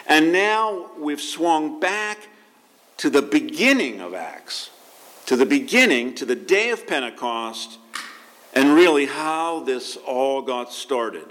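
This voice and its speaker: A man's voice: on the high side, animated, slow, a bit bright. A man, a pastor, giving a conversational sermon with asides and restarts.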